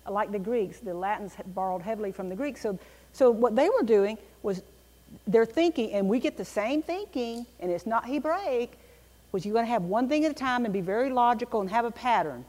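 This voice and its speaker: A woman teaching a Bible class in an animated, emphatic way, with a reverberant room around her. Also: fairly high pitch, fairly quick.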